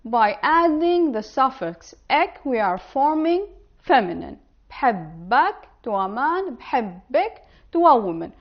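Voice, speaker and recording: Woman teacher, fairly high voice, careful slow pronunciation, slightly dull lo-fi recording. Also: sing-song. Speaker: language teacher. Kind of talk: online language lesson.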